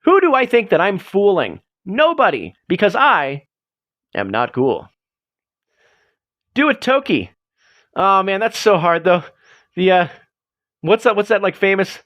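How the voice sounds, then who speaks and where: A man's voice: high voice, very animated, a little slow, pauses often, fairly bright tone. Rambling, self-mocking male streamer. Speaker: livestream host. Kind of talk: casual livestream chat. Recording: dull lo-fi stream audio.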